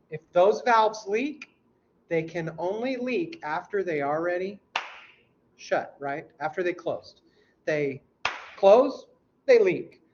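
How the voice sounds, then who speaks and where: A man teaching a class, quizzing students and mimicking heart sounds out loud, heard in a dull, lo-fi classroom recording. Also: fairly high pitch. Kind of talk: classroom lecture. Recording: dull lo-fi recording with faint hum.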